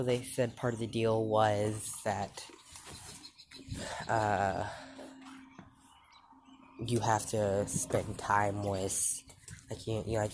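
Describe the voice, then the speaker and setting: A man's voice: lowish voice, noisy background. A man telling an improvised fan-fiction story, rambling with many fillers and self-corrections.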